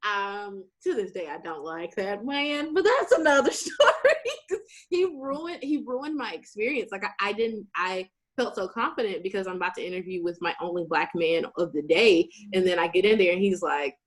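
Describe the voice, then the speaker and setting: Young woman, casual guest, animated storyteller who acts out every exchange. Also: mid-range voice, normal speed. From Shreveport, Louisiana, USA. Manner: animated, plays out conversations in quoted voices.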